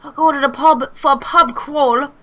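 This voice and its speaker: Brief: woman playing a cartoonish British bloke, bright, high, slow and silly. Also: fairly even intonation. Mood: goofy. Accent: mock British. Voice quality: high, slow, drawn-out mock accent. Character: exaggerated cheery British bloke caricature.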